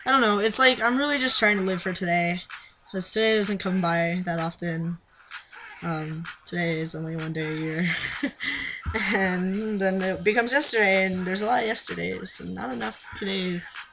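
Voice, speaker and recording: A man's voice: high-pitched, moderate pace, gravelly, background noise. A young man, chatting casually to camera for a vlog, rambling with lots of fillers and restarts. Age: young adult. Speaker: vlogger. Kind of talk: casual confessional vlog chat.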